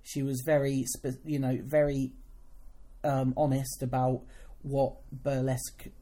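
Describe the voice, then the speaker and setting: A woman's voice: rumbling low, little pitch movement, a little slow, dark tone. A woman co-hosting a wrestling podcast from a hotel room, talking in a dry, rambling, self-deprecating way. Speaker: podcast co-host, wrestling promoter. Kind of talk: casual chat.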